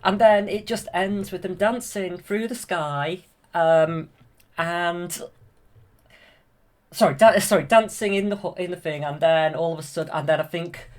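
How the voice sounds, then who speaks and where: A man's voice: sits high, unhurried. A man eagerly retelling a film from memory, rambling with many ums and restarts, recorded on a handheld camera. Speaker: YouTube creator.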